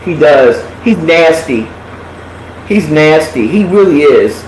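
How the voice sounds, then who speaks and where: This man's voice sits on the high side, and he takes his time as he animatedly spins blunt gossip full of curse words for his casual live chat show. You can hear an echoey room and a faint background hiss.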